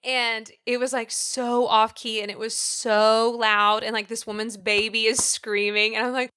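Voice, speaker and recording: A woman co-hosting a casual podcast with a bright, tense edge to her voice. Her tone is crisp and smooth as she tells stories in an animated, chatty way, peppered with "um" and "like.". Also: on the high side, measured pace. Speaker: podcast co-host. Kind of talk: casual chat.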